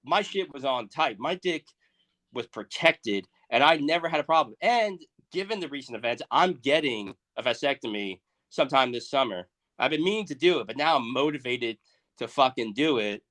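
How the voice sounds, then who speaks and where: A man in his thirties co-hosting a podcast, delivering a crude, profane comedic rant that swings between loud outbursts and muttered asides. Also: mid-range voice, animated, normal speed. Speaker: podcast co-host.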